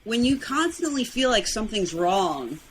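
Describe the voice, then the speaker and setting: Podcast guest: chatty Brooklyn woman, New York accent, rapid talker, faint noise floor. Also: fairly high pitch, very animated, rough recording. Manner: fast, chatty, laughs often. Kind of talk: casual interview chat.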